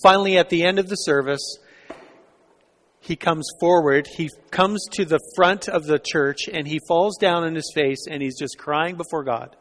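A man's voice: fairly high pitch, normal speed. Male preacher in a long-echoing hall. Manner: storytelling, with sudden soft, hushed drops. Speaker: pastor. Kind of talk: sermon. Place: church sanctuary. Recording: long reverb of a church hall.

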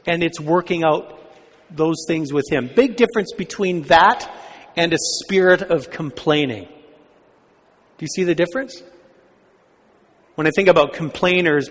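A man's voice: a little high, long reverb tail. A man preaching a sermon as a pastor, talking conversationally and asking the congregation questions.

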